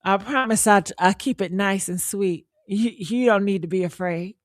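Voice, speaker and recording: A woman's voice: medium pitch, normal speed, no room sound, studio quality. A woman hosting a casual livestream chat, sassy and teasing, laughing often. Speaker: live show host.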